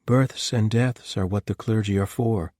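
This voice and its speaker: A man's voice: on the low side, steady tone, measured pace, darkish tone, no room sound, clean studio sound, pitched above the performer's own voice, lightly acted. A man voicing a tall, blunt, good-humored woman lay sister, speaking in wry, teasing banter.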